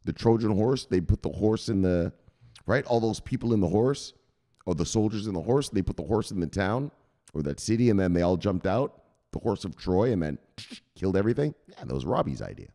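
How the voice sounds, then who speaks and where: Low, gravelly male host, very animated delivery, profane comic storyteller. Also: fairly quick. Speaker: crypto news host.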